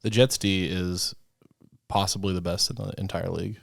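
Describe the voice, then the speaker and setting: A man co-hosting a casual podcast, animated and joking, often swearing. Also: sits low, moderate pace, gravelly, no room sound, studio quality. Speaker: podcast co-host. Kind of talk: casual chat.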